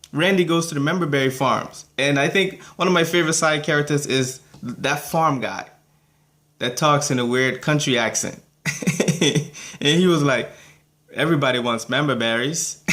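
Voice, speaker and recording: A man's voice: fairly high pitch, fairly bright tone. Giggly man rambling about a cartoon. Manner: laughs often, rambling with fillers and restarts. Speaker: TV episode reviewer. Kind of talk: casual video review.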